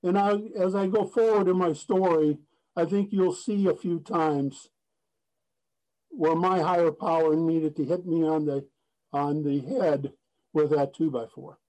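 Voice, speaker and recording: Man, personal testimony, plain-spoken, frequent restarts, warm mellow tone. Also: on the high side, fairly even intonation, unhurried, low-quality recording. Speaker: speaker sharing his story at a recovery meeting. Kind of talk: personal testimony with a folksy joke.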